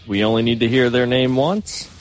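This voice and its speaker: A man's voice: mid-range voice, normal speed, faint music behind, rough recording. A man working as a show's video producer, speaking in an easygoing, laid-back way on a studio mic. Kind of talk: casual studio banter.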